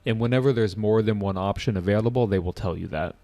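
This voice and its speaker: An American man teaching an IELTS class online and taking student questions, relaxed and repeating key points. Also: lowish voice, quick pace. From United States.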